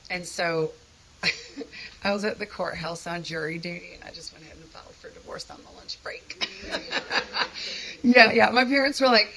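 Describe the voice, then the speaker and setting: A woman's voice: lowish voice, normal speed, long pauses, noisy background. A woman telling her own story of a hard time in an earnest, conversational, self-deprecating way. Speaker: guest sharing a personal testimony. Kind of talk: candid personal storytelling.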